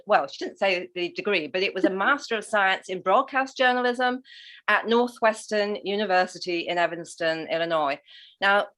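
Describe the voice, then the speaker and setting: English woman on a video call, middle-pitched, chatty storyteller who laughs a lot. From England. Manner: lively storyteller, laughs often. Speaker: guest, Rotary leader. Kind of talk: conversational interview.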